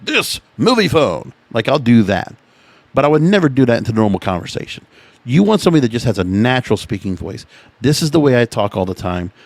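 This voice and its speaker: A male podcast host with a lively, swinging voice, reading passages aloud and then breaking off to argue with them. He talks in a chatty, opinionated way. The sound is dry, with no room on it. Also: medium pitch, quick pace, vocal fry, dry recording. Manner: opinionated, chatty, reacting to what he reads aloud. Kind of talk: casual podcast commentary reading from an article.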